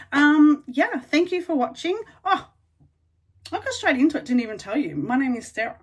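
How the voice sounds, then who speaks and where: A woman with an Australian accent chatting casually to camera as a beauty vlogger, excitable and full of ums and likes. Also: lowish voice, a little hiss or hum. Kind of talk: casual unboxing chat to camera.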